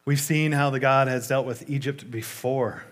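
A man's voice: medium pitch, steady tone, moderate pace, lightly acted. A man voicing panicky ancient Philistine soldiers in a sermon, acting them out as anxious and bickering. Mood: alarmed.

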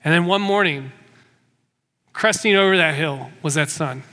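A man's voice: fairly high pitch, moderate pace, bright, forceful tone, in a large hall. A man preaching a sermon, retelling a story with vivid scenes and frequent restarts. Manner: storytelling, repeats words when restarting.

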